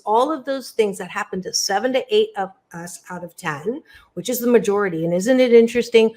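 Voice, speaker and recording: A woman's voice: medium pitch, a little fast, warm tone. A woman guest on an interview podcast, talking as a psychologist in an emphatic, motivational way, often repeating phrases and speaking straight to the listener.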